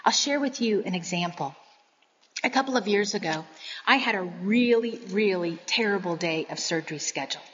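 A woman's voice: mid-range voice, lively intonation, normal speed, fairly bright tone, lo-fi sound, slight background noise. Earnest woman preaching in a reverberant hall. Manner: earnest, personal storytelling. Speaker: Bible teacher. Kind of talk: sermon-style Bible teaching.

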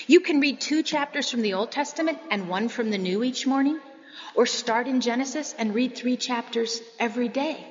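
A woman's voice: fairly high pitch, big-room sound, lo-fi sound. A woman giving an earnest, sermon-style Bible teaching, telling personal stories.

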